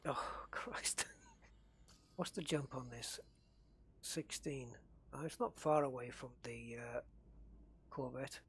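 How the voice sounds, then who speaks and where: A man's voice: medium pitch, slow pace, pauses often, fairly bright tone, slightly rough. A man chatting casually while streaming a space game, greeting viewers by name and thinking aloud. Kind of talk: casual live-stream chat.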